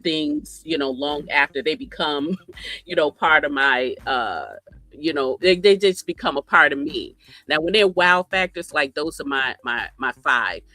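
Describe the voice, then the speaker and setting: A man's voice: a little high, expressive, unhurried, sharp tone, no room sound. A man co-hosting a casual book podcast, talking reflectively with many fillers. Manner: reflective, lots of "you know" fillers. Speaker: podcast co-host. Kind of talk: casual chat.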